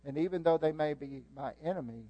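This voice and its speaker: Earnest male preacher, slightly high voice. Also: dull audio. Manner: earnest, with emphatic slow stresses and quiet trailing phrase endings. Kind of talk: sermon.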